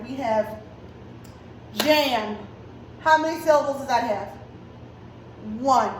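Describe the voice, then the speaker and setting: Woman, kindergarten teacher, high voice, slow sing-song delivery, roomy distant mic. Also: a little hiss or hum. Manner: slow, clear, sing-song teacher talk to small children. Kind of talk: virtual class lesson.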